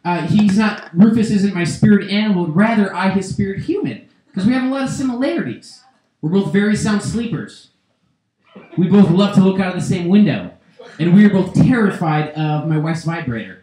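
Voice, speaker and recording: A man doing a stand-up comedy set on a small club stage, his voice pitched high for a man. He rambles loosely, drifting into digressions and catching himself. The handheld mic picks him up in an echoey club room. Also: animated, moderate pace, warm tone. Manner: loose, rambling delivery with self-interrupting digressions.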